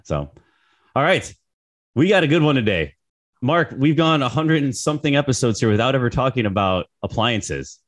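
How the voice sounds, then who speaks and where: Slightly hoarse podcast co-host man. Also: mid-range voice, normal speed. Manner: relaxed, chatty, stumbles and repeats words. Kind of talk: casual podcast chat.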